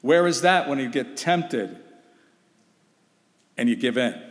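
A man's voice: medium pitch, lively intonation, takes it slowly. A man preaching a sermon, emphatic and urgent, putting rhetorical questions to his listeners. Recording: long reverb of a hall.

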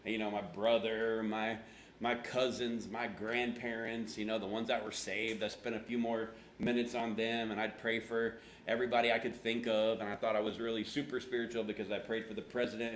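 A man's voice: fairly low pitch, little pitch movement, brisk. A man preaching a conversational sermon, telling stories with self-deprecating humor and acting out his own past words. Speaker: pastor. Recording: roomy echo with faint background hum.

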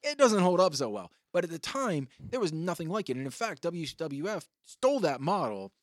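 A man hosting a podcast in casual chat, telling rambling, profane stories with bursts of excitement. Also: a little high, normal speed, dry recording, clean studio sound. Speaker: podcast host.

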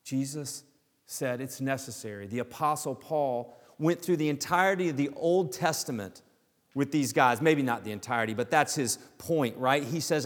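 A man preaching a sermon, emphatic, slowing and dropping to a hush on key words. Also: medium pitch. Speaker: pastor. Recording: long hall reverb.

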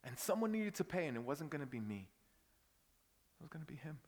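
A pastor preaching a sermon, telling a personal story that swings from hushed whispers to loud outbursts. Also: male voice, fairly high pitch, sing-song, brisk, big-room sound.

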